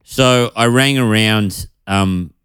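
A man co-hosting a comedy podcast over a video call, rambling and stammering as he pitches a joke, often laughing at himself. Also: slow pace, a bit bright, clear, resonant tone, dry recording, clean studio sound. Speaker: podcast co-host. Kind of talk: casual comedy chat.

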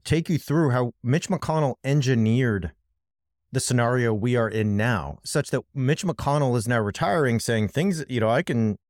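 A man's voice: mid-range voice, moderate pace, a little mellow, dry recording, studio quality. A man co-hosting a podcast, talking through politics in an impassioned, emphatic way and speaking straight to his co-host. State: worked up. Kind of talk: casual political commentary.

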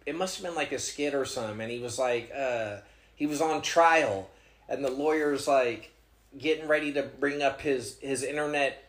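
A man's voice: mid-range voice, normal speed. A man co-hosting a podcast in casual, profane chat, rambling through stories and laughing at his own jokes. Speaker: podcast co-host. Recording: roomy echo.

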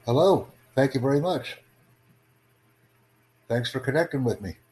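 A man calmly chatting on a live stream, smooth and promotional, unbothered by pushback. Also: mid-range voice, measured pace, low-quality recording. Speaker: streamer recording a voice chat. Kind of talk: casual live-stream chat.

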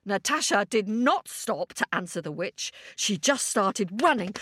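Children's storyteller, woman: lively, unhurried, playful sound effects, questions to the kids. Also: mid-range voice, a little hiss or hum. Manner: animated, asks listeners questions, makes sound effects.

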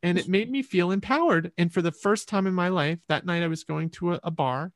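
A woman's voice: on the low side, brisk, no echo, studio quality. A woman musician, a guest in an interview, telling her story in a rambling, reflective way.

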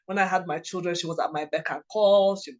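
A woman, a mother of several children, telling a personal story in a halting, emotional way, often restarting her sentences. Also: lowish voice, steady tone, darkish tone, dull audio. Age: adult mother of several children. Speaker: guest sharing a personal story.

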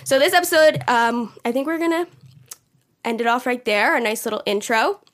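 A woman's voice: fairly high pitch, moderate pace, a bit bright. A young woman co-hosting a casual chat podcast, giggling often and rambling with fillers. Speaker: podcast co-host.

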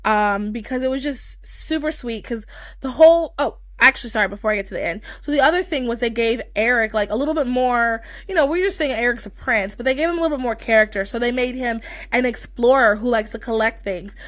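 A woman's voice: on the high side, a little fast, a bit bright, no room sound. A young woman co-hosting a podcast, gushing in casual chat with lots of fillers. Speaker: podcast co-host.

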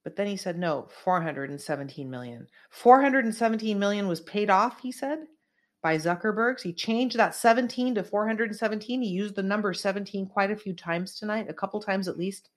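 A woman's voice: medium pitch, fairly quick. A middle-aged woman from California hosting an online show, giving a rambling, emphatic commentary monologue full of asides. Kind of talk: casual political commentary monologue.

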